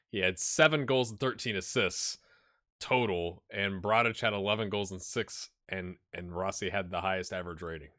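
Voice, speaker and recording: A man's voice: mid-range voice, pushed and bright. A man hosting a gaming channel, giving casual gameplay commentary, chatty and muttering asides to himself.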